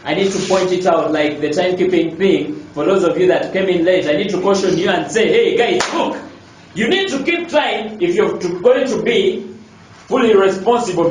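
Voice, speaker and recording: A man's voice: high-pitched, darkish tone, a little hiss or hum. A man working as a life coach, giving an emphatic motivational talk to a group, repeating his key lines and asking rhetorical questions. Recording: echoey room, distant mic.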